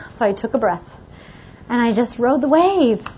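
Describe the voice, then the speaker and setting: Woman motivational speaker, high-pitched and emphatic, urging her audience on; dull, muffled recording. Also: lively intonation, moderate pace, warm tone, breathy edge. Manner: emphatic, exhorting, repeats short commands. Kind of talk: motivational talk to a live audience.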